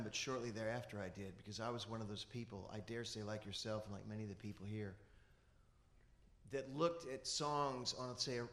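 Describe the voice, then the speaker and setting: Man from Kentucky telling stories, echoey room. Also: mid-range voice. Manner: animated anecdotal storyteller. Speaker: musician and guest. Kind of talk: storytelling on a conference stage.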